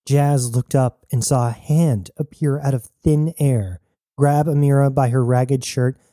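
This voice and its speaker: Male narrator, dark mellow tone, dry booth sound, steady storytelling. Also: mid-range voice, no echo. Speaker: audiobook narrator. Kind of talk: scripted narration.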